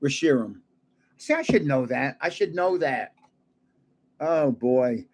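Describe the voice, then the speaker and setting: A man's voice: medium pitch, animated, slow pace, darkish tone. An older man hosting a livestream, chatting casually and chuckling at himself as he guesses card names. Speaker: card-collecting livestream host. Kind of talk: casual live chat while opening card packs.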